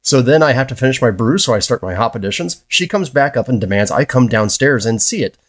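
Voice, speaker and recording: A man's voice: medium pitch, lively intonation, quick pace, no echo. Man wryly telling homebrew mishaps. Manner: dry, wry storytelling. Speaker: podcast co-host. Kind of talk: casual chat, reading listener stories.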